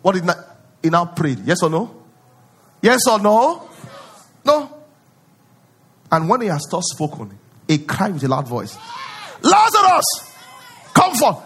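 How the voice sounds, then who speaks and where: A male pastor preaching a sermon, acting out prayers in a pleading voice and rising to loud declarations. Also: fairly high pitch, very animated, measured pace, pauses often, husky.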